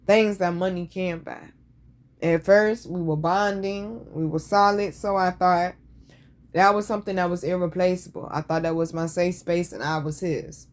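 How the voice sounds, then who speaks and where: A woman's voice: lowish voice, steady tone, normal speed. A woman hosting a casual show, telling stories in a blunt, profane, sassy way. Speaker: podcast host. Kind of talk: casual storytelling chat.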